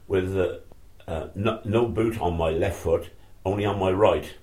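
A man's voice: low-pitched, a little slow, darkish tone. An older man telling old stories in a rambling, self-correcting way during an interview. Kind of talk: reminiscing oral history.

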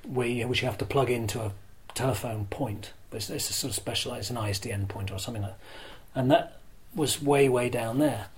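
An older man recounts his broadcasting days in an animated, self-mocking way, full of restarts and asides. His voice sits at an ordinary middle pitch. A light background noise runs under the conversation. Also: brisk, few pauses, low-quality recording. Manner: lively storyteller who acts out crowd shouts; self-deprecating and chatty, with restarts. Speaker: interview guest, former rugby broadcaster. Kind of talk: anecdotal interview storytelling.

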